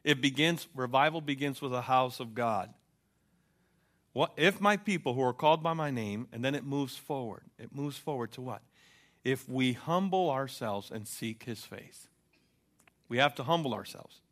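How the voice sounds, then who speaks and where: Fervent preaching man, bright voice. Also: mid-range voice, normal speed. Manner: fervent, rising to loud preaching; asks the congregation for responses. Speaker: pastor. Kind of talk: sermon.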